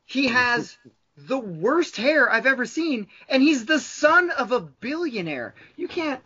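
A man's voice: extremely high pitch, sing-song, slow, sharp tone, slightly rough, highs cut off. A man co-hosting a podcast in casual chat, rambling and swearing, with lots of fillers. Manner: rambling, profane, with frequent fillers. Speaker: podcast co-host.

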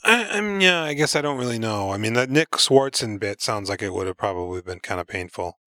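A man's voice: fairly low pitch, lively intonation, brisk, sharp tone, dry recording. A man in casual movie-podcast chat, retelling scenes and acting out the characters' lines in an offhand, profane way. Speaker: podcast co-host.

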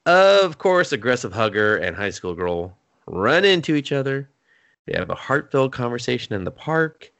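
In a creaky, slightly bright mid-range voice with a sing-song lilt, a man co-hosting a podcast recaps an anime at a moderate pace. His retelling is loose, laid-back and full of swearing, and he acts out characters' lines mid-recap. The recording is dry.

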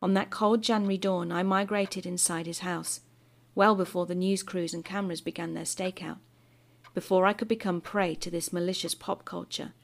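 A woman reading a scripted first-person horror story in a measured, bitter tone. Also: lowish voice, steady tone, creaky. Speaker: story narrator. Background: music.

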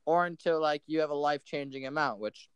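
A man's voice: fairly high pitch, steady tone, brisk, clean tone, no echo. A young man co-hosting a casual podcast, reacting to the story and asking follow-up questions. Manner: reactive, asks follow-up questions, laughs along. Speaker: podcast co-host. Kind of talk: casual chat.

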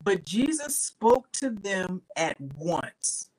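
A woman reading scripture aloud in a Bible study, slow and deliberate. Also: fairly high pitch, big pitch swings, fairly bright tone, low-quality recording. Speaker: scripture reader.

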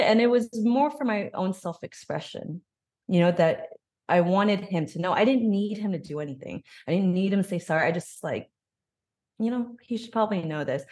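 Lady in her 30s, deep voice, candid and reflective, telling her story. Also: darkish tone. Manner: open, reflective, emotional storytelling. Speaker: podcast guest. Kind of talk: candid personal interview.

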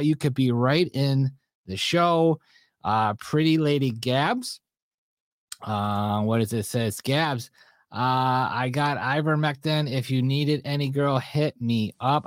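A man's voice: fairly high pitch, dry recording, clean studio sound. A man hosting a casual livestream show, greeting viewers in the chat by name and joking around. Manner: shouts out viewers, loose and joking.

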